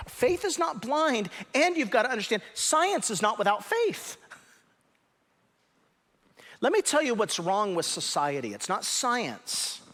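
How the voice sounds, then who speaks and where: A man preaching a sermon as pastor, emphatic and animated, stressing words sharply and teaching his congregation. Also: very high-pitched, in a large hall. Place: church sanctuary.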